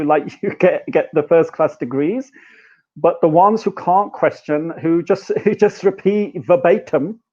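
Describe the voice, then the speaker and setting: Animated British man, dull call audio. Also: on the high side. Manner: animated storyteller, mixes in Punjabi phrases, says "right?" and "you know" often. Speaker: guest musician and academic. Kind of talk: casual explanatory chat.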